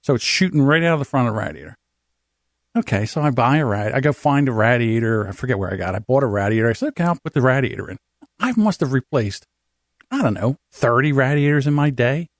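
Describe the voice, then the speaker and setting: Animated middle-aged man telling stories. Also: medium pitch, quick pace, no echo, clean studio sound. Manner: animated storyteller, swears freely. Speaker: podcast co-host. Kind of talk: casual chat.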